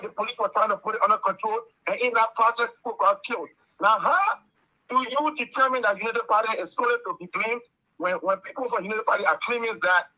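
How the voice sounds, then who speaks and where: A man's voice: sits high, pushed and bright, rough recording. A man calling in to a radio talk show, speaking in an earnest, lecturing way and often repeating words. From Liberia. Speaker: caller. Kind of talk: call-in radio commentary.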